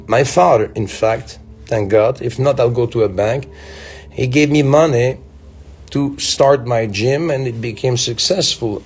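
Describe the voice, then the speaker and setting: Slow gravelly man with a Belgian French accent. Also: mid-range voice. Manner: slow, musing, with halting restarts. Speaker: speaker addressing fans. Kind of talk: reflective motivational talk.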